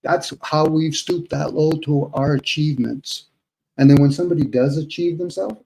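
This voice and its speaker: A man with a mellow, dark voice rambles reflectively on a live online panel. He keeps asking rhetorical questions as he talks things through. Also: a little high, fairly even intonation, moderate pace, creaky, a little hiss or hum, rough recording. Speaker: panel guest. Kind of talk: casual live panel chat.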